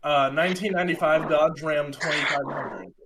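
A young man telling a story in a casual, animated and exasperated way, swearing often. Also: a little high, normal speed, noisy background. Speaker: podcast co-host telling a story.

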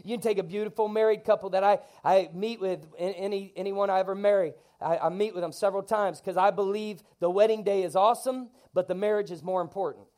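A pastor preaches in a church with lively, animated energy. His voice sits high for a man, and he keeps pulling the congregation into call-and-response lines. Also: fast, few pauses. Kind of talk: energetic sermon.

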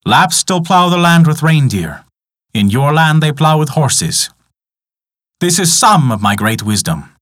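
A man's voice: on the high side, big pitch swings, unhurried, a bit bright. A man voicing a young, boastful wizard who sneers and brags in a folk tale. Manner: brash and bragging.

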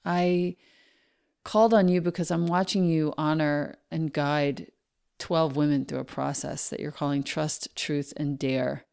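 A woman hosting a podcast, speaking in a soft, measured way with breathy asides. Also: deep voice, steady tone. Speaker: podcast host. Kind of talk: warm podcast read and interview intro.

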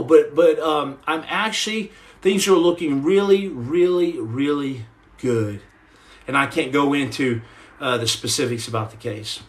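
A middle-aged man hosting a podcast, answering live comments in an earnest, preachy way, rising to loud emphasis and dropping to soft murmurs. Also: high-pitched. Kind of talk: preachy live-stream chat.

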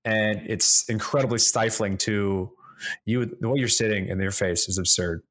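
A man's voice: fairly low pitch, fairly even intonation, moderate pace, fairly bright tone. A man co-hosting a casual podcast, explaining things at length with some rambling. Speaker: podcast co-host. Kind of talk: casual roundtable chat.

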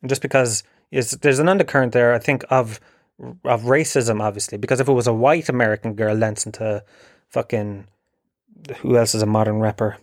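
Irish man, sweary sarcastic comic rant, mid pitch, dry. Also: steady tone, brisk, no echo. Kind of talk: ranting comedic monologue.

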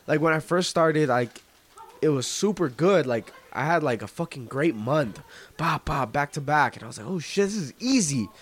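A man in his twenties, a guest on a casual podcast, telling stories in an animated, heavily profane way. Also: on the high side, normal speed.

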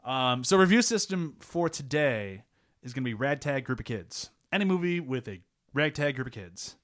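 A man at an ordinary middle pitch leads a loose conversation about films. His delivery stays easygoing, and he laughs often along the way. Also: lively intonation, moderate pace, a bit bright. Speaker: podcast host. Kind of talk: casual film review chat.

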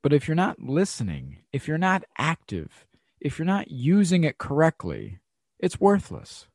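A man hosting a podcast, telling a story in a loose, chatty way. He trips over his words, fills pauses, and slips into voices for the people in his tale. The sound is close and dry, with no room around it. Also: a little high, no room sound. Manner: animated storyteller, acts out quotes, frequent fillers and restarts; laughs often while talking. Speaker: podcast host. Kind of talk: casual storytelling monologue.

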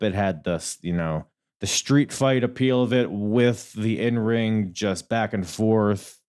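Man, deep low voice, young adult, solo podcast host, casual rambling commentary, lots of um and restarts. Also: darkish tone. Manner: rambling, thinks aloud with fillers and restarts.

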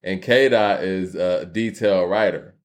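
A man's voice: deep voice, measured pace. A man hosting a casual live-streamed debate, loose and conversational, reading viewer messages aloud. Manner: loose and conversational, many fillers, walks through examples. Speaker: host reading super chats.

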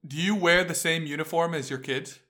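A man's voice: on the high side, brisk, pushed and bright. A man co-hosting a podcast who teases his friends with playful questions. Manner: teasing, asks playful questions. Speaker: podcast co-host. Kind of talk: casual chat.

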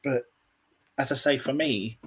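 A man hosting a casual podcast, a little hoarse, joking and self-deprecating. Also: medium pitch, unhurried, a bit bright. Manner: jokey, self-deprecating, playful teasing. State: slightly hoarse. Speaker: podcast host.

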